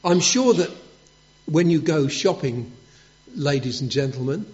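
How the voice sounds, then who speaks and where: Storytelling preacher with a lo-fi sound. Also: male voice, on the high side, lively intonation, measured pace, darkish tone. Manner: storytelling with acted quotes, conversational. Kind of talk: sermon. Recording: dull lo-fi recording.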